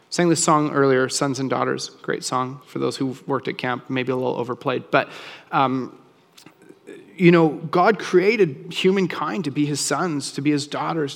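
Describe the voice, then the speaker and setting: A man preaching a sermon in a relaxed, conversational way, often acting out quoted voices. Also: mid-range voice, normal speed, vocal fry, big-room sound. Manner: casual, animated, acts out quoted voices. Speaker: pastor.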